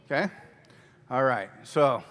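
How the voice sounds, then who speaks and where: A man leading a church skit class, coaxing volunteers in a lively way and laughing often. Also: mid-range voice, slow, long reverb tail, a little hiss or hum. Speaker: drama workshop teacher. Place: church hall.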